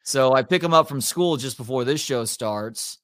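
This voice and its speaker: A man co-hosts a relaxed sports talk show. He tells stories about his family with animated energy, and his voice sits at a middle pitch. The recording is dry and close to the mic. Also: normal speed, no room sound. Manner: storytelling, animated retelling of family anecdotes. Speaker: podcast co-host.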